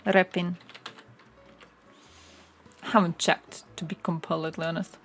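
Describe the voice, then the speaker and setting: A young woman from Croatia talks casually on her live stream, reacting to what she reads. She is sarcastic and swears freely. Her voice sits a little low for a woman. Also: flat delivery, measured pace, a bit bright, soft background music.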